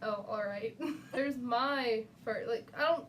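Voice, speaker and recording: A young woman hosting, slowly recounting a dream in a halting way. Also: fairly high pitch, fairly bright tone. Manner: slow, halting, with fillers like "and all that". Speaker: channel host. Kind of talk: casual chat, telling a dream. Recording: faint noise, voice from a distance.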